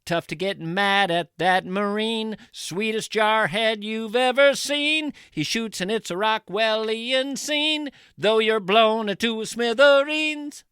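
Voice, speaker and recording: A man's voice: high voice, takes it slowly, hardly any pauses, fairly bright tone, smooth, no echo, studio quality, pitched above the performer's own voice. A man voicing a cheerful male cartoon bullet who speaks in sing-song rhymes. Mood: chirpy.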